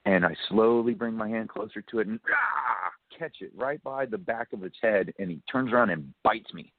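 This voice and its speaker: A man on a radio talk show, telling a story in a chatty, animated way, acting out what people said and laughing often. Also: lowish voice, moderate pace, gravelly, husky, dry recording. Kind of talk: casual phone-in storytelling. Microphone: telephone. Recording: tinny phone line.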